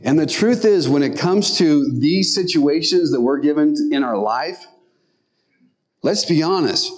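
A man preaching a sermon in an earnest, conversational way, often speeding up and slowing down. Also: medium pitch, darkish tone. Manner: tells stories and acts out quotes.

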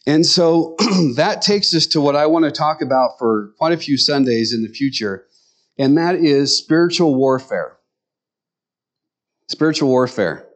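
A man preaching a Sunday sermon, animatedly acting out the voices of the people in the scriptures he reads. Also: medium pitch. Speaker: pastor.

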